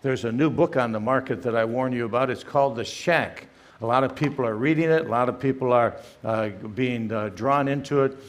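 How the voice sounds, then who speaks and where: An older man giving a firm, emphatic lecture as a guest speaker, often pausing with "uh" between phrases. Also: mid-range voice. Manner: emphatic, many "uh" fillers, reads quotations aloud. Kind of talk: apologetics lecture.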